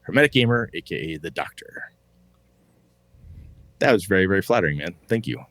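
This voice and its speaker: Low-voiced man rambling on a podcast. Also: expressive, fairly quick, fairly bright tone, no echo. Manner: loose, rambling, swears casually, acts out quotes. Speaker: podcast co-host. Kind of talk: casual podcast chat.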